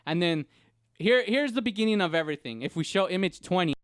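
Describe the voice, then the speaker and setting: A man co-hosting a podcast in casual chat, telling stories in an excitable, rambling way. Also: sits high, fast, dry recording, studio quality. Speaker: podcast co-host.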